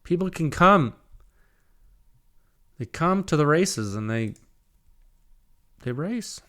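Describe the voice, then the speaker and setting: A man hosting a solo podcast, talking in an excitable, rambling way with many restarts. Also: on the high side, takes it slowly. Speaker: podcast host.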